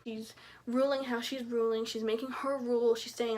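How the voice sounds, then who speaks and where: Young woman gushing about books, high bright voice, chatty, acts out her gasps and reactions. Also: moderate pace. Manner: chatty, excitable, acts out quoted reactions with big pitch jumps. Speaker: book reviewer. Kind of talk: casual book review vlog.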